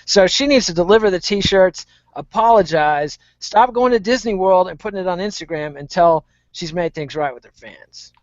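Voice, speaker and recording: Male panelist, high voice, earnest and lecturing; dull, dry lo-fi sound. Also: moderate pace, hardly any pauses, dry recording. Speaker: podcast panelist. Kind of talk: casual chat, giving advice.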